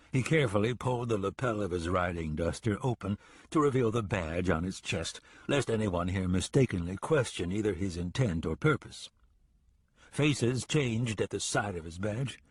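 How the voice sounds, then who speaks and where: Low, husky male audiobook narrator. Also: no room sound. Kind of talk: scripted narration.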